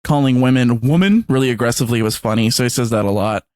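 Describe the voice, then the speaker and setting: A man's voice: mid-range voice, fast, darkish tone, clean tone, no room sound. A man co-hosting a movie podcast in casual chat, rambling, swearing often and acting out scenes. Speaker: podcast co-host.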